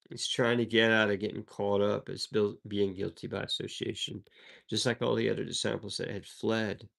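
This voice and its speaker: In a devotional Bible session, a Southern American man reads passages and then unpacks them in a relaxed, conversational way, adding asides. His voice sits fairly low with little pitch movement, a moderate pace, vocal fry and a fairly bright tone.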